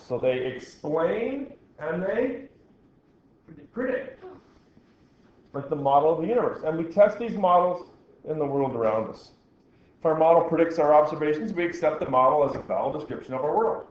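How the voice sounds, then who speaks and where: A man's voice: fairly high pitch, lively intonation. Middle-aged male teacher in an echoey classroom. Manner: reads a text aloud and pauses to explain, with dry teacherly jokes. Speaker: science teacher. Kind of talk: classroom lecture. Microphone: recorder in the room. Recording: very echoey, dull classroom recording with faint noise.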